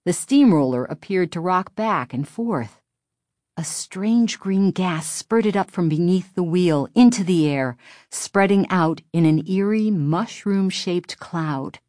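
A woman narrating a children's story in a steady, expressive storytelling manner. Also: lowish voice, no echo, studio quality. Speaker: audiobook narrator. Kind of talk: scripted narration.

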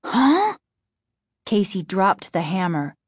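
Female audiobook narrator, unhurried, measured delivery, dry studio sound. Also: fairly low pitch, no echo. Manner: measured, steady storytelling. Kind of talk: scripted narration.

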